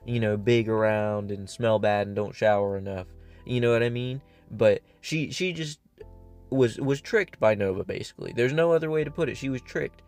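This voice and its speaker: A man hosts a casual reaction commentary at an ordinary, mid-range pitch. He talks bluntly and swears freely, with an exasperated edge. Faint music plays behind him. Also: a little mellow. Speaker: commentary video host.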